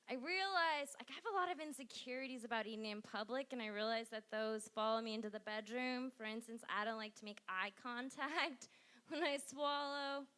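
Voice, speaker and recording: A woman's voice: fairly high pitch, normal speed, fairly bright tone, clean tone. A young woman improvising stand-up comedy, giggly, self-mocking and rambling.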